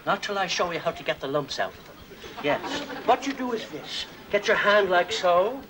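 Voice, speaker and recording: A man's voice: sits high, big pitch swings, normal speed, a crowd in the background, poor audio. A man playing an overbearing, lonely dinner guest who chatters and shows off in a 1970s TV comedy sketch. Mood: bossy. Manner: chatty, bossy, full of jokes and sound effects. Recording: studio audience laughter, broadcast noise.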